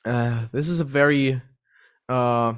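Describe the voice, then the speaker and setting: A man teaching a relaxed vocal lesson, explaining voice registers and demonstrating the sounds himself. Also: mid-range voice, takes it slowly, smooth. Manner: relaxed, explains terms patiently, breaks into vocal demos. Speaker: vocal coach.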